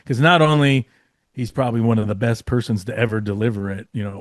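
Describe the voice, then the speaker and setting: A man's voice: mid-range voice, fairly even intonation, quick pace, dry recording, clean studio sound. Rambling man telling a backstage story. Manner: rambling, many fillers and restarts, swearing. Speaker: guest writer. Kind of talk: casual storytelling.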